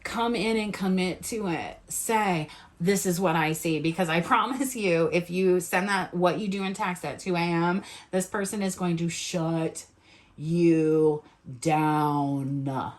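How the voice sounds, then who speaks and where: A woman with a New England accent doing a casual tarot reading to camera, animated, acting out the lines she imagines people saying and swearing freely. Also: on the low side, takes it slowly. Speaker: tarot reader.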